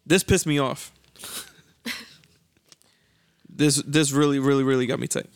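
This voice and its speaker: A man hosting a casual group chat, animated, joking and swearing freely. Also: mid-range voice, measured pace, gravelly, smooth, no room sound. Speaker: podcast host.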